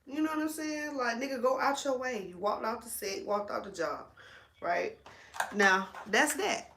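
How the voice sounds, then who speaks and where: A woman vlogger chatting casually while braiding her hair, animated, blunt and full of slang and cursing. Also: a little high, normal speed, roomy sound, background noise.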